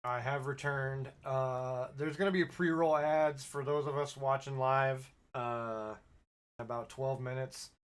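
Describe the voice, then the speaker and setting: A man's voice: medium pitch, fairly even intonation, a little slow, clean tone. Man reading fiction with a scratchy throat. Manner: plain reading with no character voices. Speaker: podcast host reading short stories. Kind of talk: casual live-stream chat, then reading fiction aloud.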